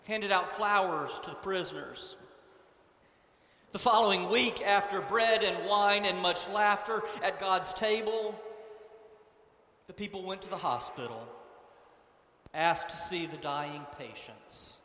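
Man preacher telling a sermon story, dramatic, slow and lively, in a hall with a long echo. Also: high-pitched. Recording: echoey hall.

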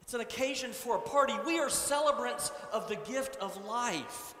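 A man voicing a calm, earnest congregation. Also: very high-pitched, normal speed, heavily acted. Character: joyful, gentle congregation speaking as one. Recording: echoey hall.

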